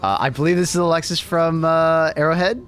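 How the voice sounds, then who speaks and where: A man's voice: fairly high pitch, brisk, a bit bright, clear, resonant tone. A man hosting a livestream in casual chat, laughing often and swearing loosely as he reads messages.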